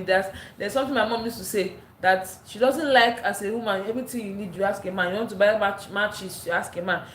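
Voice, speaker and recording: This is a tired Nigerian woman with a medium-pitched voice, casually hosting a live stream where she greets viewers by name and repeats herself. A little hiss or hum sits on the audio, and the room is echoey with faint ambience.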